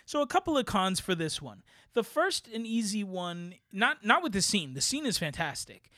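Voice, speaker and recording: Animated higher-voiced man reviewing a film. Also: moderate pace, no room sound, studio quality. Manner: animated, rambling, asks "right?" a lot. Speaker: podcast co-host. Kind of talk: casual movie review chat.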